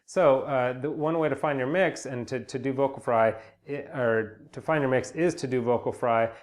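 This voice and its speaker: A young man giving a casual spoken singing lesson, relaxed and rambling, with many fillers and restarts. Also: mid-range voice, moderate pace. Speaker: singing teacher. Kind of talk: casual spoken vocal lesson with sung demonstrations.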